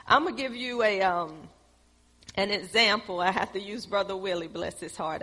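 A woman preaching a sermon, telling stories and building to excited emphasis. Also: mid-range voice, long reverb tail. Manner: storytelling, rising to excited emphasis.

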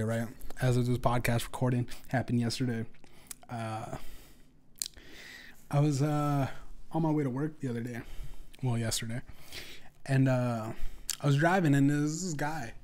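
A man hosting a podcast, telling a profane story casually and acting out other people's lines in a higher voice. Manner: profane, animated, acts out quotes in a higher voice. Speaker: podcast host.

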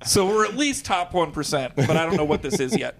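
A man's voice: a little high, a little fast, over a noisy crowd. Chatty man telling a story. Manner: animated, acts out quotes with lots of fillers. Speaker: guest comedian. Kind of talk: casual storytelling.

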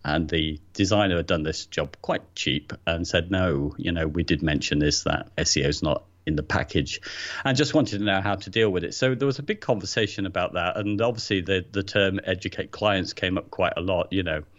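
A man's voice: low voice, brisk, fairly bright tone, lo-fi sound. A man co-hosting a podcast in casual chat, often repeating words as he starts a thought. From England. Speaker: podcast co-host.

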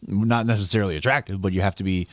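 A male podcast co-host who talks fast and explains things with easy confidence. His voice sits fairly low, and it sounds dry and close. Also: fairly even intonation, no echo. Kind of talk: casual chat.

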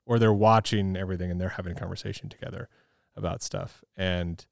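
A man's voice: sits low, fairly even intonation, fast talker, vocal fry, no echo, clean studio sound. A man co-hosting a podcast, explaining differences between book and film in a thoughtful, hedging way. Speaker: podcast co-host. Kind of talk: casual movie chat.

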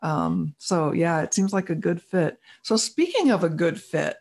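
Gravelly, husky-voiced interviewer. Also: mid-range voice, big pitch swings, a little slow, darkish tone. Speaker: interviewer, producer. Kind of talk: conversational interview.

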